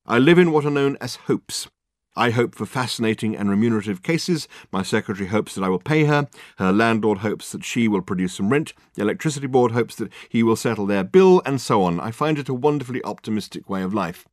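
A man doing a pompous, grandiloquent detective for an audiobook, loud theatrical speechifying, pitched well up, dry close sound. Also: expressive, fairly quick, no echo, lightly acted.

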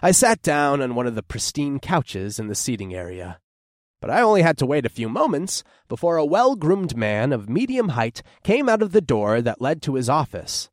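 A man narrates a first-person audiobook in a mid-pitched voice at normal speed, his intonation lively and widely moving. The descriptive storytelling is close-miked and dry, with no room echo.

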